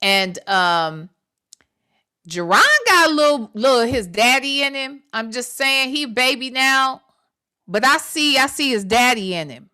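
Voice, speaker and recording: High-pitched woman reacting to a clip, bright sharp voice, cussing and exasperated. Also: lively intonation, a little slow, smooth. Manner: blunt, profane, exasperated; repeats phrases for emphasis. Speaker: gossip commentary host. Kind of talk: reaction commentary on a video clip.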